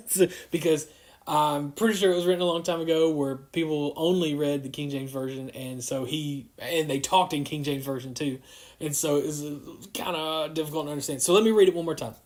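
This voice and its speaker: A man giving a casual livestreamed devotional as a youth pastor, halting with many fillers and restarts. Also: a little high, fairly even intonation.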